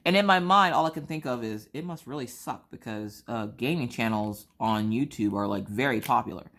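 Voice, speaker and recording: Woman host, casual storytime delivery, gravelly fry, plays out dialogue. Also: very deep voice, animated, moderate pace, a bit bright. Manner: chatty, acts out both sides of conversations. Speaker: crafting channel host.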